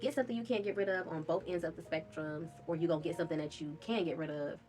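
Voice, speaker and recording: A woman's voice: sits low, quick pace, darkish tone. A woman in a candid confessional vlog, talking in a raw, rambling and profane way, with sighs. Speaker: vlogger telling her own story.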